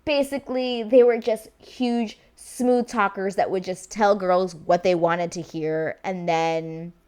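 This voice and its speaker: A woman's voice: mid-range voice, slow pace, smooth. A woman giving a chatty, unscripted review of a reality show, full of fillers and restarts. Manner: animated, chatty, lots of fillers. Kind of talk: casual vlog review.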